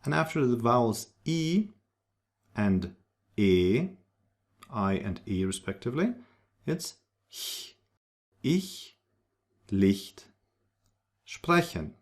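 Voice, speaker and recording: A man teaching a pronunciation lesson, spelling out sounds and carefully repeating example words. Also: lowish voice. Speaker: language teacher. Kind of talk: slow, deliberate pronunciation lesson.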